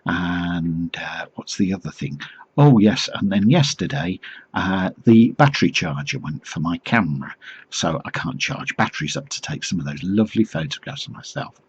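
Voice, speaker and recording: A man's voice: deep voice, big pitch swings, moderate pace, highs cut off, a little hiss or hum. A middle-aged man, chatting to camera with dry, self-mocking humour. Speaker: vlogger talking to group members. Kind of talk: casual chat to camera.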